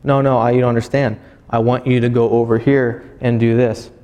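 God as commanding officer voiced by a man, blunt orders, ordinary pitch, long hall reverb. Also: level tone, a little fast, dark tone, highs cut off, natural voice. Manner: firm, plainspoken orders.

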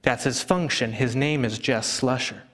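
A man preaching a sermon, telling stories and acting out hushed family chatter. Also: medium pitch, moderate pace. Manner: animated storyteller, acts out hushing relatives. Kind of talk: sermon with storytelling. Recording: long hall reverb.

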